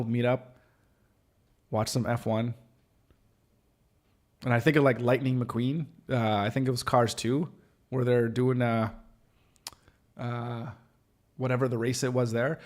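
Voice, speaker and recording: A man hosts a livestream, chatting casually with viewers in a rambling, joking, self-deprecating way, full of fillers and restarts. His voice is mid-range and a little mellow.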